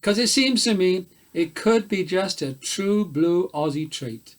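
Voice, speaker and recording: A man from Wales with a South Welsh accent, chatting briefly with fillers and then reciting a comic rhyming poem in a steady rhythm. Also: high voice, measured pace. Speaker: poetry reader.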